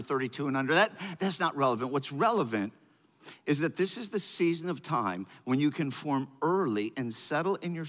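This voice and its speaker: A man preaching a sermon. He calls out to the congregation for answers and swings between loud emphasis and quiet, low passages, often restarting his words. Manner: frequent restarts and repeated words. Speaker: pastor. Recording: long reverb of a large hall.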